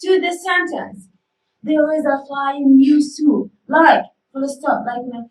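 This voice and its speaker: A woman's voice: high voice, a little slow, far from the mic. A woman whose first language is Arabic teaches an English lesson, repeating key words and asking the class rhetorical questions. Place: school studio. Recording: echoey room, voice from off-mic.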